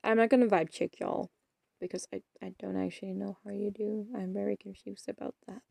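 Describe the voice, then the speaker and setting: A young woman of eighteen rambles through a casual vlog as she plays a game, teasing herself and frequently trailing off into mumbles. Her mid-range voice barely moves in pitch and runs a little fast, with vocal fry and a slightly mellow quality, recorded without echo.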